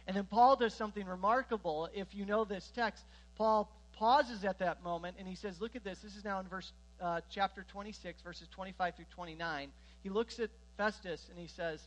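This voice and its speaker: A male pastor preaching with a fairly high voice. He swings between loud, emphatic retellings and quieter, joking asides. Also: normal speed, low-quality recording. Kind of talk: sermon.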